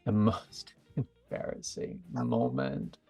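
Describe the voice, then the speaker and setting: A man's voice: very deep voice, sing-song, takes it slowly, vocal fry, warm tone, husky, soft background music. A middle-aged American man, a guest on an interview show, talking casually and rambling with fillers and restarts. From USA. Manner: chatty, rambling with fillers and self-corrections. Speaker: guest, psychic medium.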